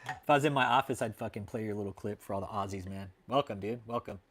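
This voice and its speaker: A man's voice: lowish voice, quick pace, fairly bright tone. A man from Texas, hosting a livestream and chatting casually with viewers, swearing a lot, calling everyone dude and man, and often laughing at his own jokes. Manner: profane and laid-back, calls people dude and man. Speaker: livestream host.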